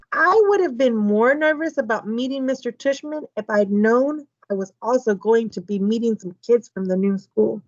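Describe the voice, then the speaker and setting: A woman teacher reading a children's novel aloud to her class, lively and voicing each character's dialogue. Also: fairly high pitch, normal speed, hardly any pauses, no echo, muffled recording. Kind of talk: children's book read-aloud.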